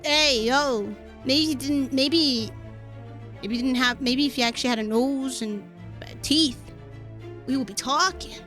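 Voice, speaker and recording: A woman streamer casually playing a game, reading its text aloud with excitable, profane outbursts. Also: high voice, unhurried, faint music behind.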